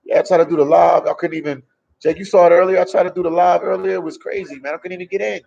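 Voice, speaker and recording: Brief: man, travel vlogger on a livestream, gravelly and slightly high voice, loose and talkative, dull lo-fi audio. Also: fairly even intonation, very fast, a crowd in the background. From Memphis, USA. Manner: loose and talkative, reads and answers viewer comments. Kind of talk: casual livestream chat. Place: a café in El Salvador.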